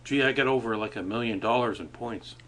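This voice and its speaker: A man's voice: mid-range voice, fairly quick, fairly bright tone, a little hiss or hum. A man chatting casually into his webcam at a cafe, rambling along with many fillers and restarts. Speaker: vlogger.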